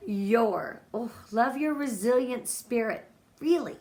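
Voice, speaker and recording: A woman's voice: on the high side, expressive, measured pace, fairly bright tone. Earnest, emotional woman giving a pep talk. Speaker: guest speaker, team trainer. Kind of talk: motivational team training talk.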